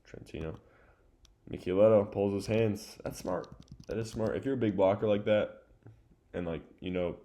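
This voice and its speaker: Low gravelly man breaking down game film. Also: moderate pace, long pauses, dark tone. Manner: chatty, loose, full of fillers and asides. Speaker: volleyball film analyst. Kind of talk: casual play-by-play breakdown.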